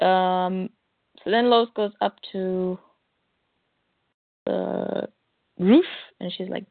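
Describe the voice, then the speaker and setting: A woman's voice: medium pitch, fairly even intonation, slow, long pauses, no room sound. A woman casually recapping a comic book story who laughs often and quotes the characters loosely, with plenty of fillers. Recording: dry, tinny phone-like sound.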